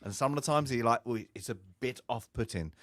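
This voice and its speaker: A man's voice: mid-range voice, fairly quick, fairly bright tone, no room sound. A man co-hosting a film podcast, chatting casually in a rambling way and laughing often between phrases. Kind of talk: casual chat.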